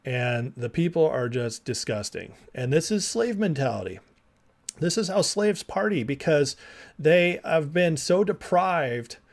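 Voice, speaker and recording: A man teaching a Bible class in a casual, animated way, acting out the people in the stories with slangy dialogue. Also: mid-range voice.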